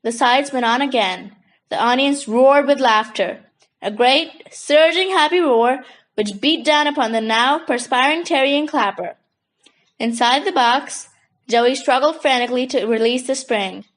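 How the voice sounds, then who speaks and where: A woman narrating a children's book in a steady storytelling voice. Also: sits high, measured pace, poor audio. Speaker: audiobook narrator.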